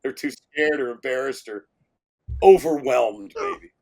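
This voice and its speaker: A man's voice: medium pitch, expressive, a little slow, a little mellow. A man around sixty, a film director telling anecdotes in a casual interview, laughing often and swearing freely.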